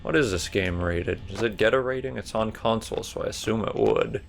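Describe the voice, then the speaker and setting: A man with a lowish, gravelly voice rambles through a let's play, cracking jokes and stories between moves. He is a little burpy as he talks and jumps into loud high yelps when something startles him. A faint hum of noise sits under the voice. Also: fairly quick. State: burpy while talking. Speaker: let's player. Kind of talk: casual gameplay commentary.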